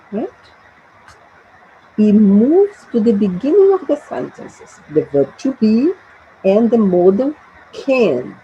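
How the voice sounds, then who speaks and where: A woman's voice: a little high, dark tone, highs cut off, a little hiss or hum. A woman from Brazil, teaching an English lesson and patiently checking understanding with frequent tag questions. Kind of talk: classroom explanation.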